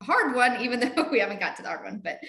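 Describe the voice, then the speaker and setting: Bright-voiced woman, echoey room. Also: a little high, fast, vocal fry. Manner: animated, acts out quoted voices. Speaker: Bible study leader. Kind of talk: casual storytelling.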